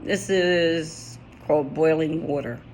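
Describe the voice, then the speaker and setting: A woman's voice: low voice, fairly even intonation, takes it slowly, a little mellow, slight background noise. A middle-aged woman with a US East Coast accent, talking casually in a personal vlog and reading her own poem, often laughing and repeating phrases for emphasis. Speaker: vlogger.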